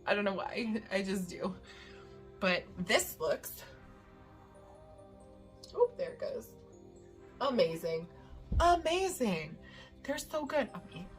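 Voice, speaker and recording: A woman's voice: medium pitch, animated, a little slow, pauses often, soft background music. Chatty woman demonstrating a recipe. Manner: chatty, rambling, lots of "uh" and laughs. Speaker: baking vlogger. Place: home kitchen.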